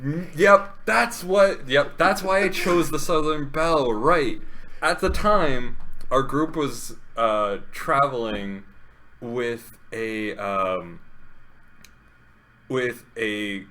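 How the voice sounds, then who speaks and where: A man's voice: medium pitch, slow, bright, forceful tone. A man who plays in a tabletop game, chatting casually, laughing often and hesitating with fillers. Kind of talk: casual podcast chat.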